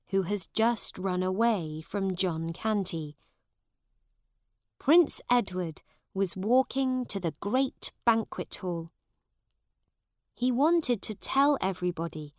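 A woman narrating a simple storybook in a clear, measured way. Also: mid-range voice, no echo, clean studio sound. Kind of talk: slow storybook reading for learners.

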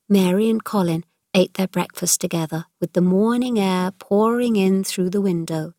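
A woman narrating a storybook chapter in a clear, measured reading voice. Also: medium pitch, mellow, dry recording, clean studio sound.

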